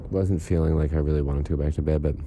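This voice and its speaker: A young man speaking a relaxed, meandering audio diary outdoors on a fire escape in the morning. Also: extremely low pitch, fast, slight background noise. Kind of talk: casual personal audio diary.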